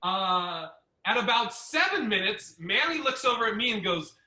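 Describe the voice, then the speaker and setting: Comic podcast host, male: high, piercing voice, cursing storyteller, echoey room. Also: moderate pace. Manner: profane, animated, acts out other people's lines. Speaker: podcast host and stand-up comedian. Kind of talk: casual storytelling chat. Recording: roomy echo.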